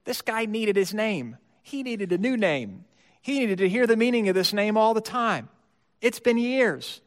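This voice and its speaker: A man preaching a sermon, moving between hushed asides and emphatic repeated lines. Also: high-pitched, expressive, measured pace. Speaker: pastor. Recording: long hall reverb.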